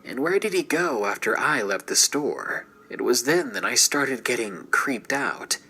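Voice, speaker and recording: A man's voice: mid-range voice, animated, unhurried, bright, forceful tone, slightly rough, poor audio. A man narrating a true scary story in a scripted, dramatic way and dropping into whispers at tense moments.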